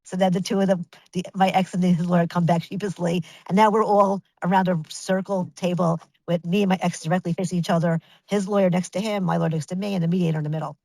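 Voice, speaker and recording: Chatty, animated middle-aged woman storyteller. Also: lowish voice, quick pace, few pauses, no echo, rough recording. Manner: animated, chatty, with many restarts and acted-out quotes. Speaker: guest. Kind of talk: casual storytelling interview.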